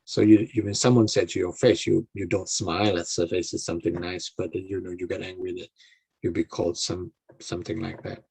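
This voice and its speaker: Gravelly, husky-voiced man, hesitant talker. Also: deep voice, flat delivery, fairly quick, darkish tone, dry recording. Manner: hesitant, many fillers and restarts. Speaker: guest speaker. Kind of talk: online talk to a club.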